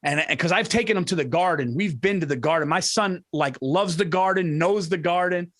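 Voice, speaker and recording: High-voiced, rambling guy saying "dude". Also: brisk, fairly bright tone. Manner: rambling storytelling with repeated "he goes" and "dude". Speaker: podcast co-host. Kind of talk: casual chat.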